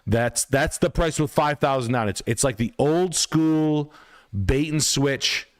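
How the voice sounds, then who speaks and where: A man's voice: medium pitch, unhurried, no room sound, studio quality. A man hosting a live stream, telling a story casually with lots of swearing and acting out both sides of an argument. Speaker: realtor and stream host.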